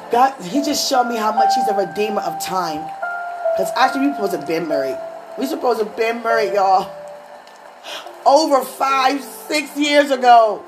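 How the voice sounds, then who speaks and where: A woman giving a spiritual testimony to an online audience, telling her story excitedly and acting out her own thoughts. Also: fairly high pitch. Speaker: speaker sharing a faith testimony.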